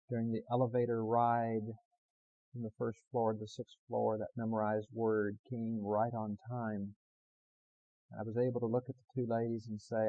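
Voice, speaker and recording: A man preaching a sermon, moving from calm storytelling to loud, impassioned preaching that repeats phrases for emphasis. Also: on the low side, normal speed, long pauses, muffled recording. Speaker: pastor.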